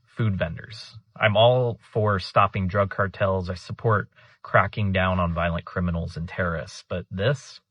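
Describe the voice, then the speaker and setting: A man delivering a firm, measured prepared statement with rhetorical repetition. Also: low-pitched, fairly even intonation, fairly bright tone, slightly rough, no echo, dull audio.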